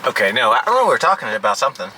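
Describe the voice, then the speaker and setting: A man's voice: medium pitch, racing, slight background noise, low-quality recording. A man, co-hosting a casual chat from a parked car, playful and teasing. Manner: playful, teasing, lively back-and-forth. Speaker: co-host, husband.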